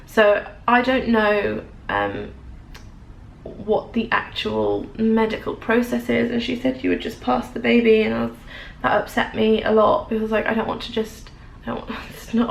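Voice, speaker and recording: A young woman with an English accent shares a personal story in a vlog, her voice carrying a gravelly fry. She hesitates and restarts often, speaking with open emotion. The room sounds echoey, with a faint hiss of noise behind her. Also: mid-range voice. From England. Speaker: vlogger.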